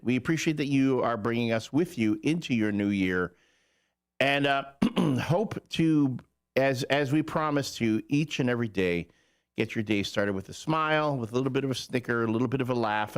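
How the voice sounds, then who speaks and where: A man's voice: medium pitch, lively intonation, moderate pace, smooth. Male morning radio host, jokey and rambling, easygoing banter into a studio mic. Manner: jokey, rambling, with playful asides. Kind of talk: casual morning radio banter and weather report.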